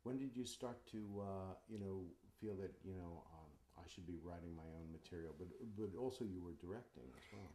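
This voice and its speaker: Give me a male interview host with a deep, warm voice who hesitates as he asks questions. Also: fairly quick, few pauses, a little hiss or hum. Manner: hesitant, many fillers and restarts. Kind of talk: interview conversation.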